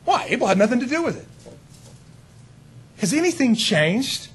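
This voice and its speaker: A man preaching a sermon in a conversational, animated way, full of rhetorical questions. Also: very high-pitched, normal speed, husky.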